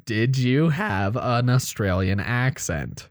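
A podcast host introducing each topic and steering the talk. The pitch swings widely and the delivery is animated. The recording is dry and close. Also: takes it slowly, dry recording. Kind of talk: casual podcast chat.

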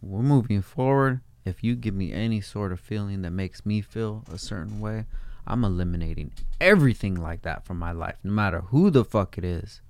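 A man's voice: lowish voice, normal speed, a little mellow, no room sound. A man hosting a casual podcast, speaking in an emphatic, blunt way with plenty of slang and swearing. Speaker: podcast host.

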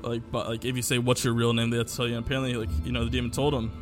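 A man's voice: medium pitch, level tone, racing, music in the background. A young man co-hosting a podcast, telling a long story in casual chat, rambling with lots of fillers and swearing. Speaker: podcast co-host.

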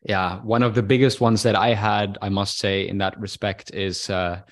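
A man hosting a podcast interview, talking in an animated way with frequent restarts and repeated words. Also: on the low side, moderate pace. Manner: animated, many restarts and stammers. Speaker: podcast host. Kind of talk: casual interview chat.

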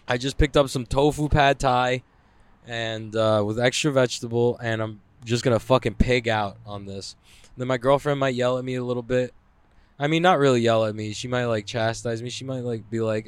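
Smooth-voiced young man ranting casually. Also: mid-range voice, fairly even intonation, moderate pace, no room sound. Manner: profane, loose, lots of "like" fillers. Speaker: vlogger. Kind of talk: casual rambling rant.

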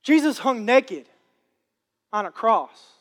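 A man's voice: very high voice, expressive, slow pace, a bit bright. A man preaching a sermon with impassioned, repetitive phrasing. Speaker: pastor.

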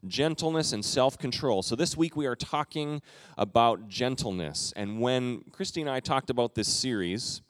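A middle-aged man preaching a sermon as the pastor of his church, telling stories in a relaxed, conversational way with quick asides. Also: mid-range voice, no room sound. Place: church sanctuary.

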